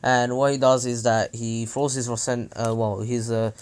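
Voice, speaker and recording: A young man narrates a fan-made story in a loose, unscripted way. His voice sits at an ordinary middle pitch. He rambles, stumbles over words and keeps correcting himself between fillers. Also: level tone, moderate pace, smooth. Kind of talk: casual fan-story retelling.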